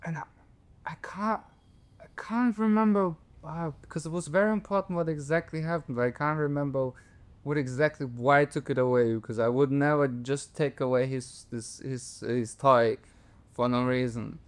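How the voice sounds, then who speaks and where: A man as a podcast guest, telling a story in casual conversation, animated and full of restarts. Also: a little high, normal speed, clear, resonant tone. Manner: animated, jumps into voices, many restarts.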